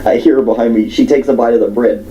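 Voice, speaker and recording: A man's voice: medium pitch, quick pace, muffled recording, noisy background. A man hosting a podcast, telling a story in a rambling, casual way. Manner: rambling, animated, with restarts. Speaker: podcast host.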